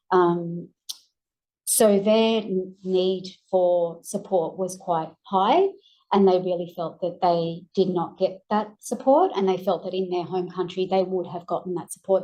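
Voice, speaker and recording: A woman with an Australian accent presenting research findings in a measured way with frequent ums, her voice going hoarse. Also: fairly low pitch, dark tone, rough recording. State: losing her voice. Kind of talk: academic presentation.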